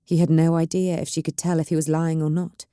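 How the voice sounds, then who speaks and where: A woman telling a science fiction audiobook as calm, measured bedtime story narration. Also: sits low, smooth, dry recording, studio quality.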